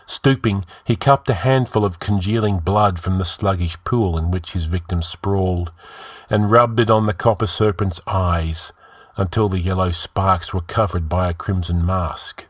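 A man reading fantasy fiction aloud, narrating with measured, dramatic pacing. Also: low-pitched, dry recording, studio quality.

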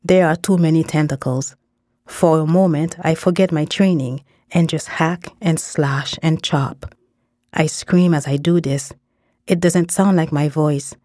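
Woman reading a story nice and slow, lowish voice, dry close mic. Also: fairly even intonation, dark tone, no echo. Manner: measured first-person reading with Haitian Creole phrases. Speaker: narrator. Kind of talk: scripted story narration.

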